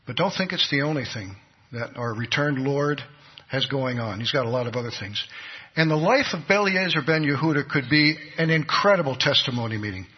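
A man preaches briskly in an animated, mid-range voice with a breathy edge, telling his story earnestly and performing the voices of its characters. It's a dull recording swamped by long hall reverb.

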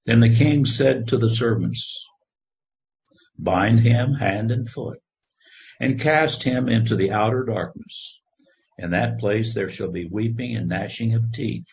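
A man preaching a sermon, reading scripture in a slow, measured way. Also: mid-range voice, darkish tone. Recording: dull lo-fi recording.

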